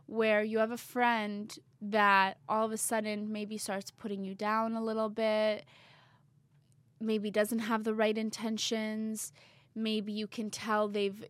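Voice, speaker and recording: A woman's voice: medium pitch, no echo. A young woman co-hosting a podcast, talking in casual chat and reflecting while she gives advice on friendship. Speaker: podcast co-host.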